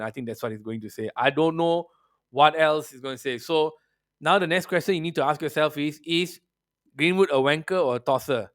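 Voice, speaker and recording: A man's voice: medium pitch, a little fast, no room sound, studio quality. A man hosting a football podcast, ranting brashly and profanely in casual opinionated chat, slipping into mocking voices.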